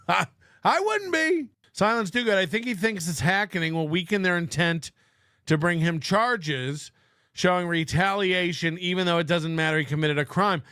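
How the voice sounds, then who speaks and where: A man's voice: high-pitched, normal speed, pushed and bright, clear, resonant tone, no room sound, studio quality. A man on a played stream clip, talking sarcastically with plenty of swearing. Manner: sarcastic, profane. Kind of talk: live stream banter.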